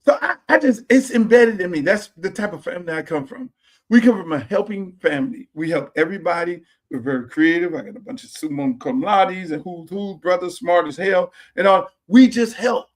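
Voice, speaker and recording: A man's voice: sits high, fairly quick. A man in his sixties hosting a podcast, talking in an impassioned, preachy way, repeating himself and swearing freely. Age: 60s. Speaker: podcast host. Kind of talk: casual monologue. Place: home theater room.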